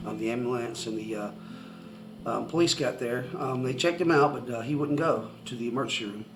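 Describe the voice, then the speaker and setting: A man telling a personal testimony story to the camera, excitable and rambling with many restarts. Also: medium pitch, brisk, slight background noise, low-quality recording. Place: indoors, seated facing the camera.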